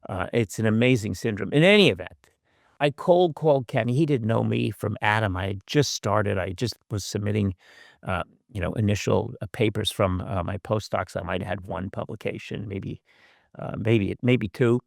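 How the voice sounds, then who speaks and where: A man's voice: on the low side, normal speed, vocal fry, dry recording, studio quality. An older man and professor giving a conversational lecture over a video call, with wry asides and frequent fillers. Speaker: guest speaker, professor.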